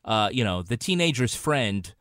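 A man's voice: medium pitch, sing-song, normal speed, fairly bright tone, no echo. A wry man co-host with a mid-range voice. He argues his point loosely, with lots of fillers and restarts. The dry studio sound is close, with no room sound. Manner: wry, argumentative, many fillers. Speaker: podcast co-host. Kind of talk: casual review chat.

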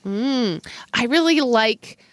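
A woman's voice: fairly high pitch, animated, takes it slowly, no room sound. A woman co-hosting a casual food chat, chatty and opinionated, with a dry close sound. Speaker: podcast co-host.

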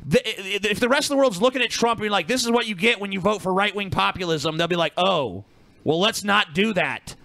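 A man's voice: high voice, lively intonation, fairly quick, gravelly, bright, forceful tone, no room sound. A man co-hosting a podcast, ranting bluntly and combatively with constant swearing. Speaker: podcast co-host. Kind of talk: profane casual chat.

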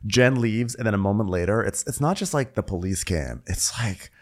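A man's voice: on the low side, animated, moderate pace. A man co-hosting a podcast, laughing often as he chats casually about a reality show episode. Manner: laughs often, trails into amused asides. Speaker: podcast co-host. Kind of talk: casual recap chat.

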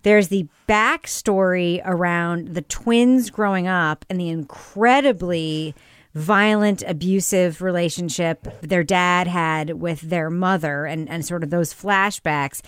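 A woman hosting a casual discussion, animated, her pitch leaping up on her questions. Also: slow pace, smooth, no room sound, studio quality. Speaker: podcast host.

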